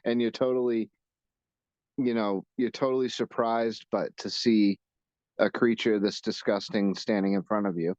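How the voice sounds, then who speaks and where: A man's voice: lowish voice, steady tone, a little mellow, no echo. Wisecracking man on a dull dry mic. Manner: joking, throws in quick wisecracks. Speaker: podcast co-host. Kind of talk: casual chat with friends.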